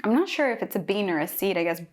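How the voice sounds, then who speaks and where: A young woman from Mexico, chatty and excited, thinking aloud while tasting a fruit for a food vlog. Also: medium pitch, fast. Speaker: cooking vlogger. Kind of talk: casual first-impressions tasting vlog.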